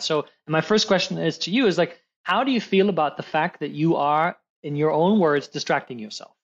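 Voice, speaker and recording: A man speaking as a high-performance coach in a gentle coaching conversation. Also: a little fast, hardly any pauses, lo-fi sound. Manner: gentle, acts out quoted voices.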